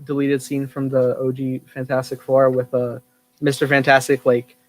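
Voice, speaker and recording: A young man hosting a podcast, talking casually and acting out his own reactions. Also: medium pitch. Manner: animated, quick to quote his own reactions. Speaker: podcast host. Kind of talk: casual chat.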